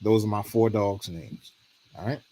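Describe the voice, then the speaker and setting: A man's voice: fairly low pitch, steady tone, measured pace, dark tone. A man, talking casually on a livestream, rambling and pleading for comments, and cooing at his dog in between. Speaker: streamer.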